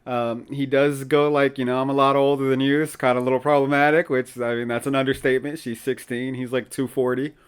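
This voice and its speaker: A man's voice: medium pitch, level tone, fairly quick, hardly any pauses, clean tone. Male podcast host, casual opinionated recap, mid-range voice, laughs easily. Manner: chatty, opinionated, laughs often.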